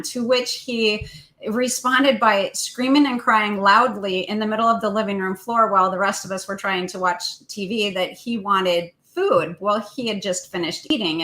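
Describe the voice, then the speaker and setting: A woman sharing a parenting story on a talk show. She speaks earnestly and conversationally, often pausing with ums as she works through the details. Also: medium pitch, sharp tone, rough recording. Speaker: co-host, parent.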